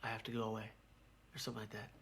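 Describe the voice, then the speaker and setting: A man telling a personal story in a documentary interview, halting and repeating his words as he goes. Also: on the low side, monotone, gravelly, noisy background. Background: music.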